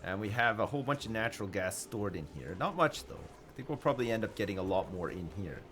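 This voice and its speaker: A man's voice: on the low side, lively intonation, fast, fairly bright tone. A man streaming a video game live, chatting casually with his viewers and swearing freely. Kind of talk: live commentary over gameplay.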